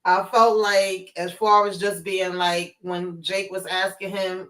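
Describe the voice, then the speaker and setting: A woman's voice: medium pitch, flat delivery, slow, hardly any pauses, a bit bright, recorded from a distance, rough recording. A woman co-hosting a casual live-stream recap, speaking frankly, laughing, and acting out the characters' lines. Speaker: co-host.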